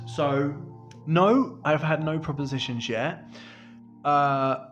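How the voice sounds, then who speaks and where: A chatty, self-deprecating middle-aged man from the UK answers viewer questions to camera with a slightly high voice. The recording sounds muffled and lo-fi, with faint music behind him. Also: takes it slowly, pauses often, a bit bright. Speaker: vlogger. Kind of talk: casual chat to camera.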